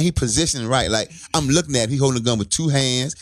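A man's voice: medium pitch, expressive, fast. A man chiming in during a casual chat, backing up and adding to a story. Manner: laid-back, chiming in to back up the story. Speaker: podcast co-host.

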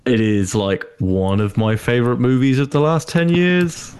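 A man's voice: mid-range voice, fairly even intonation, normal speed, a little mellow, a little hiss or hum. A man co-hosting a casual movie podcast, enthusiastic and rambling with fillers. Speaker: podcast co-host.

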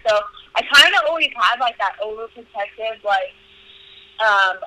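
Young woman guest on a podcast, super bright voice, dry close mic, swears a lot and says like constantly. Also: a little high, expressive, moderate pace, no echo, rough recording. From California. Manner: candid, profane, lots of "like" fillers. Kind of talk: casual storytelling interview.

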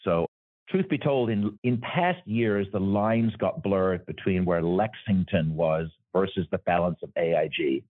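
An insurance executive with a low voice and a measured pace explains his business in an interview, often tagging his points with "right?" to check in. The recording is dry and sounds like phone-like remote audio.

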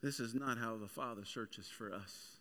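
Bright-voiced man preaching a sermon. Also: medium pitch, moderate pace. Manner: conversational storytelling with humor, building to emphatic preaching. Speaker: pastor.

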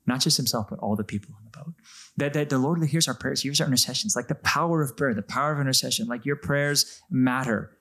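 Man, podcast co-host, casual scripture chat, animated, mid-pitched voice. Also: fast talker, slightly rough. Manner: animated, acts out quotes with shifting voice. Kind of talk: casual Bible discussion.

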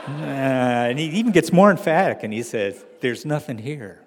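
A middle-aged man telling a personal story to an audience in a wry, halting way, with restarts and fillers. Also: mid-range voice, lively intonation, big-room sound.

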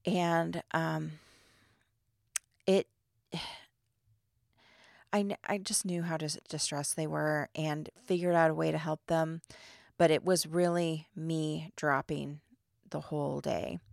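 A middle-aged woman hosting a podcast, retelling everyday run-ins in an animated, exasperated way with lots of fillers. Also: sits low, takes it slowly, vocal fry, pauses often, no room sound, studio quality. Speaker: podcast host. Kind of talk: casual storytelling monologue.

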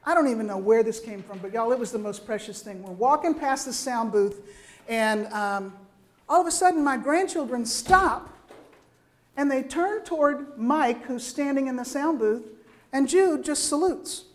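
Older female preacher, slightly high voice, chatty sermon delivery that keeps checking in with the room. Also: normal speed. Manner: lively, conversational, frequent "right?" asides.

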